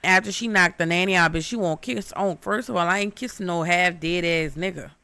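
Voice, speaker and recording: A young woman recapping a horror movie in loud, brash, profane comedic storytelling. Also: lowish voice, brisk, clean tone.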